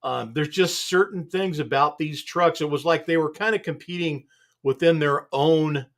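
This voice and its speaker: A man's voice: a little high, normal speed. A man hosting a casual studio chat show, talking in a rambling, laid-back way and chuckling often. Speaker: show host.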